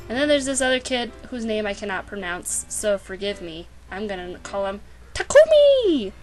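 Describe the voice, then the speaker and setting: A woman's voice: mid-range voice, big pitch swings, a little slow, faint music behind, rough recording. A woman vlogger giving a casual, sarcastic book summary with playful asides, now and then acting out the characters.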